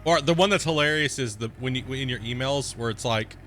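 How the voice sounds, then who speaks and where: A man's voice: medium pitch, a little fast, hardly any pauses, fairly bright tone, slight background noise. A man streaming a game live, chatting casually and rambling through stories, often tagging sentences with "right?".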